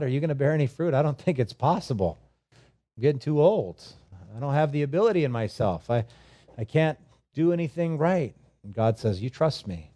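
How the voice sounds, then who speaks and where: A middle-aged man delivers a relaxed, conversational sermon in a mellow, warm voice. He reads scripture aloud, slips in light jokes, and acts out short imagined prayers. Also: mid-range voice. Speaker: pastor.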